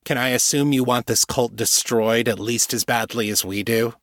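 A man's voice: medium pitch, fairly even intonation, normal speed, a bit bright, no room sound, clean studio sound, lightly acted. A man voicing a weary, blunt male hero with wry humor in an audiobook.

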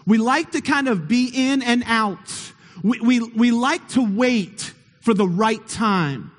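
A man's voice: very high voice, slow. A man preaching a sermon to his congregation in a church, playful and conversational, often asking them questions. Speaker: pastor. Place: church sanctuary. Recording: long hall reverb.

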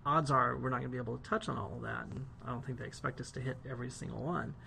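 Male podcast co-host with a gravelly, creaky tone; talks casually and slips in jokes, faint hiss underneath. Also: medium pitch, fairly even intonation, racing, bright, forceful tone. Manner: chatty and joking, with asides.

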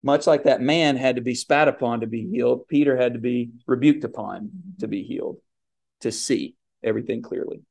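A man's voice: medium pitch, normal speed, gravelly, darkish tone. A man preaching a communion sermon in an earnest, emphatic way, with fillers and restarts.

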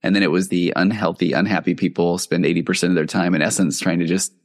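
A middle-aged man with a low voice hosts a relaxed podcast conversation. He talks in an eager, chatty way, often jumping in before his guest has finished. His therapist background shapes how he frames things. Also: quick pace. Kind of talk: casual podcast interview.

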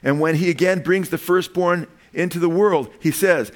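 A man preaching a sermon, animated, asking his listeners questions and acting out the lines he quotes. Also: on the high side, normal speed, hardly any pauses. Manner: animated, asks the congregation questions, acts out quotes.

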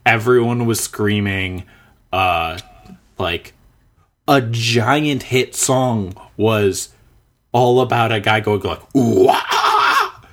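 A man's voice: fairly low pitch, slow pace. A man in his thirties chatting casually, rambling and searching for words with lots of filler. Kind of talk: casual chat.

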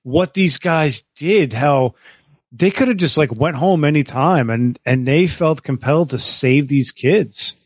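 A man's voice: a little high, unhurried, dry recording, studio quality. A married man on a podcast, telling a long story with energy, stopping and restarting and swearing freely. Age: adult, married. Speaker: podcast co-host. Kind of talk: casual chat.

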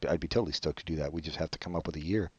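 A man co-hosting a podcast in casual chat, joking in a sarcastic, deadpan way. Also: a bass voice, rapid-fire, breathy edge, muffled recording. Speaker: podcast co-host.

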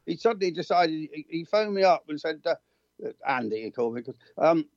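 A man's voice: fairly high pitch, animated, brisk, no echo. Older man reminiscing over a dull line. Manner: reminiscing, anecdotal, chuckling asides. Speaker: motorsport journalist and regular guest. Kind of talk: casual chat. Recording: slightly dull remote line.

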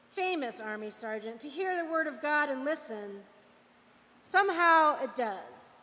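A woman preaching a lively, conversational storytelling sermon. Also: high-pitched, big-room sound.

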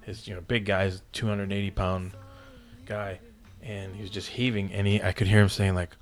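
A man's voice: fairly low pitch, flat delivery, moderate pace. A man in his fifties telling stories as a podcast guest, rambling and swearing casually. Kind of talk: casual storytelling in a podcast interview.

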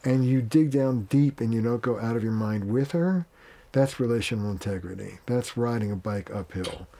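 Mellow-voiced man, plain-spoken therapist. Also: mid-range voice, normal speed. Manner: plain-spoken, acts out dialogue in quoted voices. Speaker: family therapist, guest. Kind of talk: conversational interview.

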